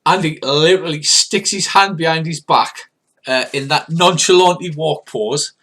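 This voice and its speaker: A man's voice: a little high, normal speed, a bit bright. Older man running a tabletop game. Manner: loose, rambling narration with restarts and sound effects. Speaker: game master.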